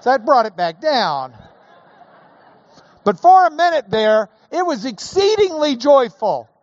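A man preaching a sermon, slow and emphatic, building to raised emphasis on key points. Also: very high voice, sing-song, no room sound, lo-fi sound. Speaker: pastor.

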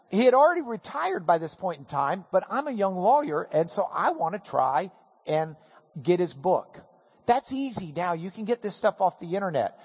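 A man teaching a Bible class, telling an animated, self-deprecating story. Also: high-pitched, slightly rough. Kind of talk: storytelling lecture. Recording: hall with long reverb.

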